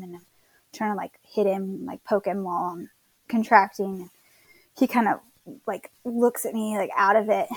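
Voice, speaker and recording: A woman's voice: medium pitch, no room sound. A young woman casually telling her birth story, chatty, quoting others and laughing at herself.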